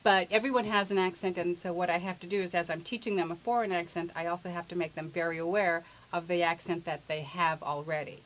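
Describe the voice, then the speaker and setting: A middle-aged English woman who works as an accent coach explains accents in an interview, playfully teasing and demonstrating with spoken examples. Her fairly low voice moves quickly with fairly even intonation and few pauses. The recording is dull and lo-fi.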